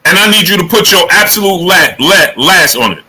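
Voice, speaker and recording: A man's voice: high-pitched, brisk, husky, poor audio. A man hosting a live boxing talk stream, greeting chat viewers by name and pressing them with the same question again and again. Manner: energetic, emphatic, repeats questions. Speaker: boxing show host.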